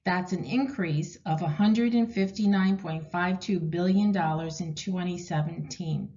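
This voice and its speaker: A woman's voice: on the low side, a little slow, warm tone. New England woman giving a scripted presentation. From Rhode Island, USA. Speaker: university technology director presenting. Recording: dull lo-fi recording.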